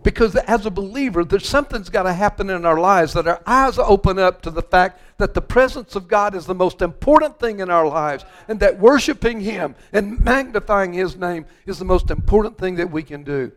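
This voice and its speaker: A man's voice: high voice, lively intonation, normal speed, hardly any pauses. An older man from West Texas preaching a sermon, telling stories in a rambling way full of restarts and repeated words.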